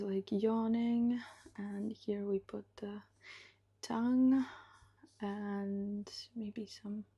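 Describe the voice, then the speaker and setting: A woman illustrator talks through her live drawing session in a slow, unhurried way. She thinks aloud and keeps slipping into a soft half-whisper as she sketches. Her voice has a gravelly, husky grain. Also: mid-range voice.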